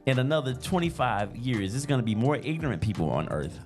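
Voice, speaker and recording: A man's voice: medium pitch, a little fast, soft background music. A man in his fifties with a Southern US accent, co-hosting a casual podcast and telling stories with lots of feeling. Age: 50s. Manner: animated storyteller who acts out the people he quotes. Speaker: podcast co-host.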